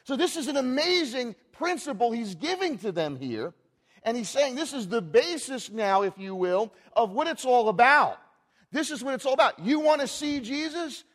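Animated high-voiced male preacher in a church. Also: moderate pace, in a large hall. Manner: animated preaching with rhetorical questions to the congregation. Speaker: pastor. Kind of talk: sermon.

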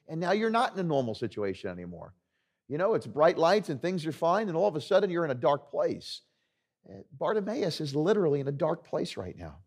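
A man's voice: mid-range voice, darkish tone. A male pastor preaching a sermon in an earnest, conversational, storytelling way.

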